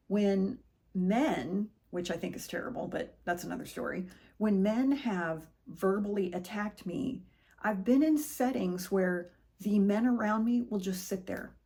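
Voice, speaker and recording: A woman's voice: medium pitch, creaky. Earnest woman hosting a motivational talk. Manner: earnest, conversational storytelling with animated quoted voices. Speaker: podcast host. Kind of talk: personal motivational monologue.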